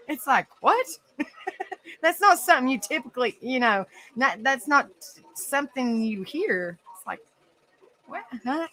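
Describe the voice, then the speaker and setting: A woman's voice: high-pitched, animated, measured pace, long pauses, fairly bright tone, poor audio. A woman hosting an open panel in casual chat, rambling with lots of fillers and frequent giggles.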